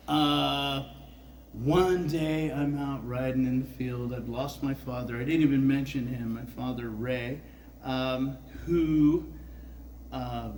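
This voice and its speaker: A man's voice: medium pitch, darkish tone, slight background noise, rough recording. A man in his sixties telling a rambling, profane personal story on a festival stage, full of filler words. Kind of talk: live storytelling.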